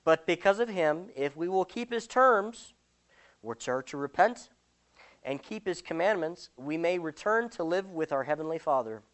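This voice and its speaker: A religious speaker giving a sermon, explaining a doctrine and then reading a parable aloud in an earnest, deliberate way. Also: mid-range voice, lively intonation, fairly bright tone.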